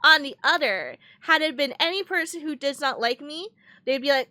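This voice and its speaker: A young woman streams and talks casually to her viewers, her voice sitting a touch higher than most. She rambles, fills gaps with "like", and laughs often. Her close desk mic catches her clearly. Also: animated, moderate pace, sharp tone, no echo. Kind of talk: casual chat while livestreaming a game.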